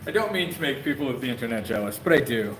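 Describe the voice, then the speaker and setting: A man's voice: mid-range voice, very animated, fast talker, fairly bright tone, rough recording. A man hosting a live stream from inside a bike shop, chatting playfully and laughing often. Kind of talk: casual live-stream chat.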